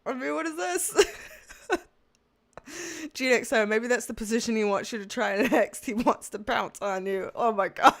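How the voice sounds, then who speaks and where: Gravelly and a little high, the voice of a tarot livestream host in her thirties moves at a measured pace with long pauses. She casually reads viewer comments, joking with exasperation and laughing often.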